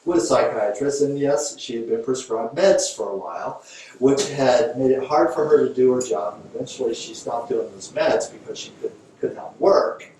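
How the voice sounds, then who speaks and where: A man gives a storytelling lecture as a yoga teacher, talking casually and jumping into a higher, louder voice whenever he quotes a conversation. He is recorded from a distance in a very echoey room, with a faint hiss underneath. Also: normal speed. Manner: conversational, acts out dialogue in a raised voice.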